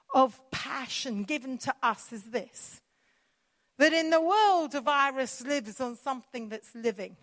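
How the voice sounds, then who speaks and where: Passionate high-voiced woman preacher. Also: fairly bright tone. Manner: passionate, emphatic preaching with repetition. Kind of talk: sermon.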